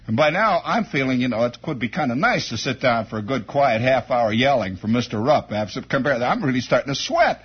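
A man telling a comic first-person story on the radio, animated and full of sound effects and acted-out voices. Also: mid-range voice, fairly quick, few pauses, breathy edge. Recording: dull lo-fi old radio broadcast with faint music.

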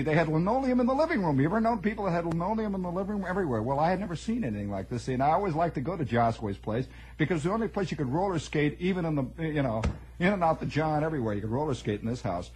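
A man telling a long personal story in an animated, conversational way, repeating words for emphasis. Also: on the high side, fast talker, slight background noise, rough recording. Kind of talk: spoken storytelling monologue.

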